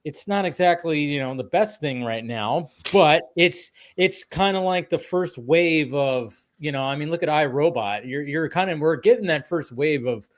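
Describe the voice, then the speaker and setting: A man hosting a podcast, chatting casually in a rambling, animated way and swearing freely. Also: on the high side, normal speed, hardly any pauses. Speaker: podcast host. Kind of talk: casual chat.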